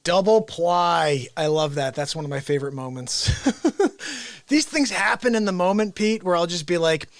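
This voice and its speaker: A man's voice: high-pitched, expressive, moderate pace, dry recording. A man hosting his own live show, chatting casually and laughing at his own comedy clips. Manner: jokey, laughs at his own bits, does voices. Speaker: host. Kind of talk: casual live-stream chat, playing back comedy clips.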